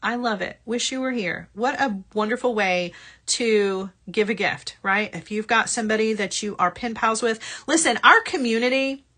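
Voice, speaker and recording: A woman's voice: fairly high pitch, moderate pace, bright, forceful tone. A woman hosting a live jewelry-supply sales show, chatting upbeat and often tagging her sentences with "right?". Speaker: host of a live shopping show.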